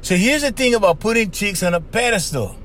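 Animated man with a lively voice. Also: high voice, brisk, slight background noise. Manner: animated, laughs often, acts out little voices. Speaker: podcast host. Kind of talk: casual monologue giving dating advice.

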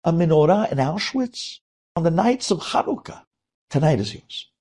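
A man voicing a kind older rabbi who speaks gently but firmly in a dramatic story. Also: fairly high pitch, expressive, moderate pace, husky, voice pushed up. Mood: warm insistent. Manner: gentle, insistent. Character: kind older male rabbi, grateful and firm.

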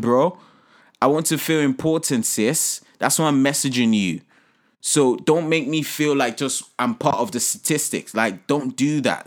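Man, podcast host, lively preachy business talk, speaks straight to listeners, mid pitch.

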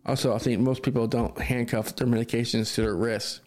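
Guy doing a sensible young dude, calm and a bit sarcastic, storybook style. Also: medium pitch, fairly quick, soft background music, close to an everyday voice.

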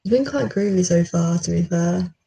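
A woman's voice: fairly low pitch, normal speed, creaky, dark tone. Chatty young woman from Stafford, roomy sound. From Stafford, England. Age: young adult. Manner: chatty, laughs often. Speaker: podcast co-host. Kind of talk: casual chat. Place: student room at a university. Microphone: remote call mic. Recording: roomy, distant call audio.

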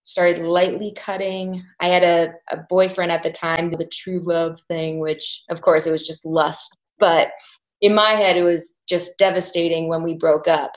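A woman around thirty, telling her personal story as an interview guest in a candid, reflective way, halting at painful points. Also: fairly low pitch.

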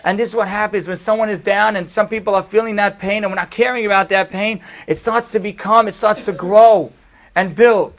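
A man giving a storytelling sermon, animated and acting out the people he quotes, in a dull lo-fi recording. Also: high-pitched, brisk. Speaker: speaker giving a talk.

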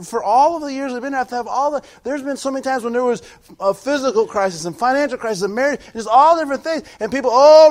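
A male pastor delivering a sermon in a high-pitched voice. He swings between hushed, confiding asides and loud, shouted declarations, and he often stammers and restarts his sentences as he talks to the congregation. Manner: animated preaching, swings from soft asides to shouted peaks, frequent stammered restarts.

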